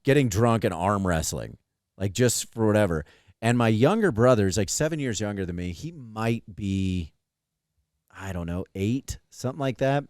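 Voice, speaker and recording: A man's voice: on the low side, smooth, dry recording, studio quality. A man co-hosting a podcast, telling a story in casual, profane chat and acting out the people in it. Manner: animated, profane, acts out quoted voices. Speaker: podcast co-host.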